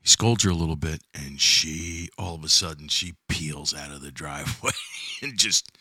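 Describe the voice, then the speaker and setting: A man in casual chat, telling a story with excitable, animated energy. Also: rumbling low, moderate pace, slightly rough, dry recording, studio quality. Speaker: storyteller being interviewed.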